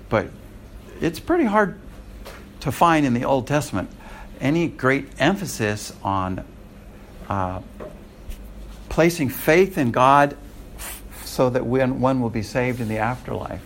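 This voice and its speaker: A man's voice: mid-range voice, a bit bright, a little hiss or hum. An American man lecturing a Bible class in a conversational way, often checking that his students follow. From United States. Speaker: Bible teacher.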